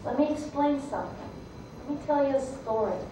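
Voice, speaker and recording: A woman's voice: high voice, fairly quick, background noise, close to an everyday voice. A woman storyteller voicing a desperate man who stammers as he pleads. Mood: pleading. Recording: echoey room from far off.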